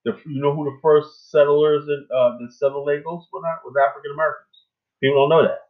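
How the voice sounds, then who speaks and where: A man's voice: a little high, little pitch movement, fast talker, noisy background. A man hosting a casual talk show, chatting loosely and often tagging his points with "you know what I'm saying". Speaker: host. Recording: phone-like narrow audio.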